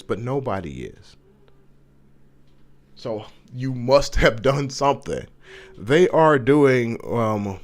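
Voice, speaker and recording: A man leading a casual Bible study, reading scripture aloud and breaking off to explain it in an enthusiastic, conversational way. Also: on the low side.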